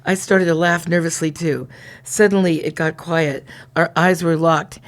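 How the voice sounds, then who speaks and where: A woman's voice: low voice, a little mellow. A middle-aged woman co-hosting a comedy show, reading a steamy diary aloud with dramatic flair between banter. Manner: reads dramatically, breaks into laughter, tries bad accents.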